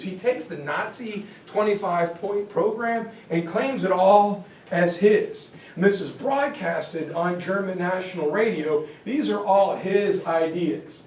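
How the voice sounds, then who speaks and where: A man teaching a history class in a jokey, theatrical way, now and then bursting into shouts, recorded from a distance in a classroom. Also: high-pitched, slow pace, hardly any pauses. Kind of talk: animated history lecture with acted-out voices. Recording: echoey room from a far mic, faint noise.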